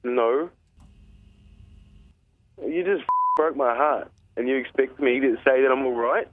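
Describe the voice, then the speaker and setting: A man's voice: mid-range voice, unhurried. Distraught man on a tinny phone line. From New Zealand. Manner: distraught, pleading, swearing. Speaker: prank call victim.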